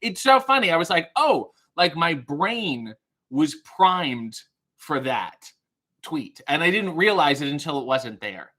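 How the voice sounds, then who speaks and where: A man's voice: fairly high pitch, big pitch swings, a little slow, pushed and bright. A man hosting a casual livestream from a small hotel room, rambling and joking as he chats with viewers. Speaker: livestream host.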